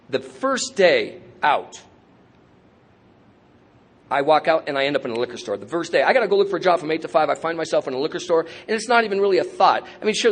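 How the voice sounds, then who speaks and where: A man speaking at a recovery convention, telling his story candidly with streetwise slang and self-mocking humor. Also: on the high side. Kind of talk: personal recovery talk.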